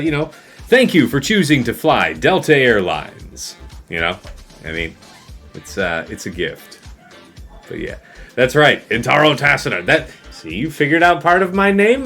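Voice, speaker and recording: A man talks through his game stream in a loose, chatty way, answering viewers with jokes. His pitch rises and falls a lot as he talks. Soft music plays under his voice. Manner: chatty, joking replies to chat. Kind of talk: casual gaming stream commentary.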